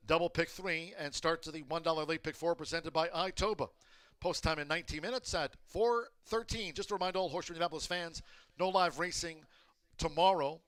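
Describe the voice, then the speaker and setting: Brisk racetrack announcer man, bright and crisp. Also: fairly high pitch, no room sound. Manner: brisk, clipped official announcements. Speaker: track announcer. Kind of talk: race results and call.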